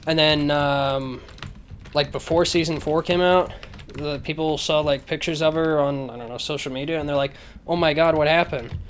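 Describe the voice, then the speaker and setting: A man's voice: a little high, fairly even intonation, normal speed, slight background noise. A man ranting casually on a podcast, sarcastic and profane, rambling with lots of fillers, close to the mic. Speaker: podcast host. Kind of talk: casual rant. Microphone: close microphone.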